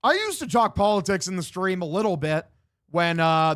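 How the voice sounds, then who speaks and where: Young male streamer, fairly high voice, loose and profane, dead-dry home mic. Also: sing-song, normal speed, a bit bright, no room sound. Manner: loose, profane, reads chat aloud and answers. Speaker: streamer doing live play-by-play. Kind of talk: casual stream chat with play-by-play commentary. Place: home room.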